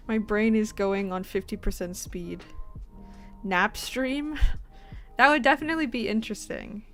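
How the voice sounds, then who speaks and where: A woman's voice: a little high, animated, slow, long pauses, a bit bright, soft background music. A sleepy woman streamer chatting casually with her viewers, rambling and giggling between fillers.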